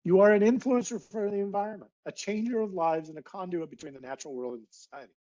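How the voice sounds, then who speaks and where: A man's voice: high-pitched, quick pace, warm tone, low-quality recording. Earnest man speaking in a webinar. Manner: earnest, heartfelt, a little emotional. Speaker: guest speaker, naturalist biologist. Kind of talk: webinar talk.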